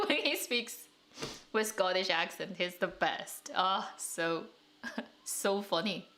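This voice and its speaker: A woman's voice: medium pitch, expressive, slow, pushed and bright, slight background noise. A woman from China hosting a casual live stream, chatting and answering comments with frequent laughs and restarts. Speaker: drama channel host.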